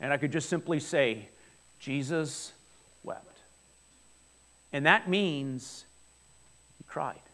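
A man in his forties delivers a sermon with a fairly high voice. He speaks earnestly and conversationally, often turning to the congregation with questions. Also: takes it slowly, pauses often, pushed and bright. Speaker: pastor. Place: church hall before a congregation.

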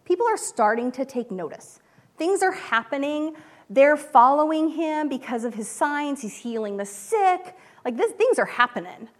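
A woman's voice: high-pitched, very animated, moderate pace. A mother giving a casual devotional talk in a chatty style, full of fillers, who acts out the quotes she tells. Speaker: speaker, mother.

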